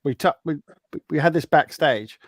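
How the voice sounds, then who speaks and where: A co-host in casual studio chat, asking quick questions and speaking straight to the viewers. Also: mid-range voice, no echo. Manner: lively, addresses the viewers directly.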